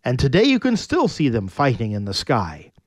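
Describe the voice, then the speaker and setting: Animated man telling a playful story. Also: mid-range voice, normal speed, no room sound, studio quality. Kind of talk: storytelling narration.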